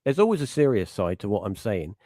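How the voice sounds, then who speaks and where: Very animated and a little fast, the fairly low, dark voice of a middle-aged podcast host comes through clean studio sound without echo. Chatting casually, he wanders off track, breaks into his own sentences and acts out short quotes.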